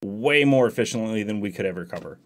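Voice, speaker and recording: A man's voice: fairly low pitch, expressive, fast talker. A man on a podcast making a casual point, using "like" as a filler. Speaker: podcast co-host.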